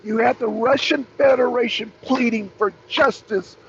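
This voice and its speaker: A man hosting a political talk show, delivering fiery, animated commentary and calling out members of his chat by name. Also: measured pace, hardly any pauses, muffled recording, a little hiss or hum. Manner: fiery, addresses chat by name, sings falsetto snippets.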